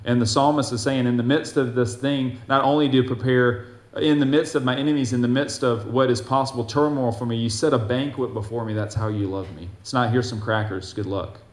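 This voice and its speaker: A man's voice: medium pitch, steady tone, a little fast, hardly any pauses. Earnest preacher man in an echoey room. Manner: earnest, alternates loud scripture reading with soft asides. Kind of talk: sermon.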